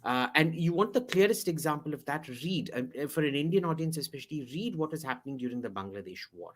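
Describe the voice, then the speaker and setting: A man's voice: a little high, lively intonation, fast. A man appearing as a podcast guest, giving blunt, opinionated commentary and repeating words for emphasis.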